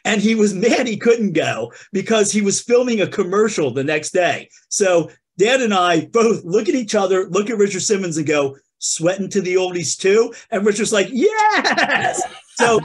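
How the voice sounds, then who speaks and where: A man's voice: high-pitched, animated, normal speed, few pauses, breathy edge. A man hosting a comedy podcast, telling a funny story in a playful way and talking straight to the listeners. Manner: playful, addresses listeners as folks. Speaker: podcast host. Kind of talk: comic storytelling.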